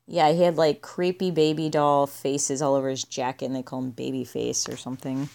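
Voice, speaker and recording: Low-pitched woman, casual podcast co-host, dry and offhand. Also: little pitch movement, fairly quick, gravelly, darkish tone. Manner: dry, musing, trails off with "I guess". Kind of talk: casual movie discussion.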